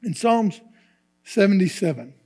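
A man's voice: high-pitched, sing-song, measured pace, a little mellow, husky. A man preaching a sermon as pastor, reading scripture aloud and often repeating words as he goes. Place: church sanctuary. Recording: long reverb of a church hall.

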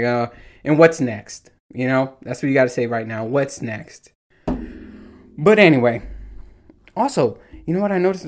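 A man in his thirties ranting casually as a solo podcast host, telling stories with lots of swearing and acting out what people said. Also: medium pitch. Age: 30s. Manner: animated, profane storytelling with mimicked dialogue.

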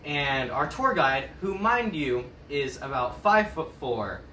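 A teenage boy telling a comic story on a school stage, animated and laughing as he goes. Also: mid-range voice, a little slow, a little hiss or hum. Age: teens. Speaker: talent show performer. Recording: roomy hall, mic at a distance.

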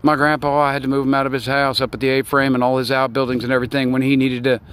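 A man in his sixties giving a rambling, preachy folksy monologue outdoors, with loud bursts. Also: medium pitch, level tone, rapid-fire, smooth. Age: 60s. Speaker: online talk show host.

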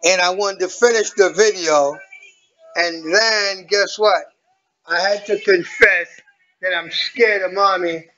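Playful high-voiced clowning man. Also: fairly even intonation, slow, sharp tone, dull audio. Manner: clowning, playful, talks to viewers directly. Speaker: vlogger. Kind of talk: rambling personal vlog.

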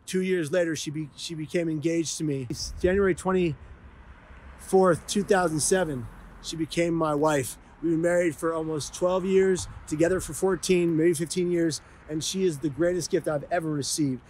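A man's voice: fairly high pitch, steady tone, normal speed, a little mellow, faint music behind. A man in his thirties talking earnestly and emotionally in a personal vlog, heartfelt and confessional. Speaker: vlogger.

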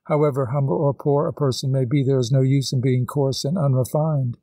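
Male reader doing a patient, moralizing woman mentor for an audiobook, mellow tone. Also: medium pitch, fairly even intonation, a little fast, no room sound, close to an everyday voice. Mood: earnest. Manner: patient, instructive. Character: kindly older woman teacher, gentle and moralizing. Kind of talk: audiobook dialogue reading.

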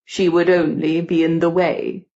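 A woman voicing an old aristocratic male count who talks in a slow, grand and theatrical way. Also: deep voice, level tone, dark tone, highs cut off, pitched below the performer's own voice. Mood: grandly scheming.

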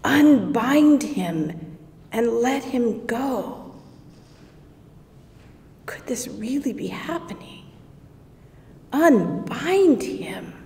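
A grieving sister recounts the moment in awe, as a woman performs her in a worship service. She tells it slowly and with feeling, dropping to a hush when things grow tense. Her fairly high voice rings with the long reverb of a church hall. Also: animated, heavily acted. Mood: earnest, awed. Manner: emotional storytelling, drops to whispers at tense moments. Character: grieving adult woman sister, awestruck witness. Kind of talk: first-person dramatic monologue in a worship service. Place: church sanctuary.

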